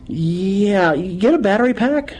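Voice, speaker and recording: A man hosting a call-in radio show, chatting casually and animatedly with loud bursts of exclamation. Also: high-pitched, expressive, a little slow, rough recording.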